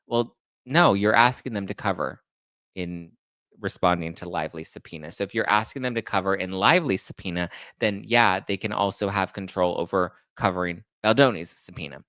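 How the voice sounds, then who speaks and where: A man with a fairly low voice hosts a casual commentary show. He reads legal filings and chat comments aloud, then breaks into indignant, profane reactions. The sound is dry and close, with no room around it. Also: normal speed, fairly bright tone, no echo. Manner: heated, indignant, swearing. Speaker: host.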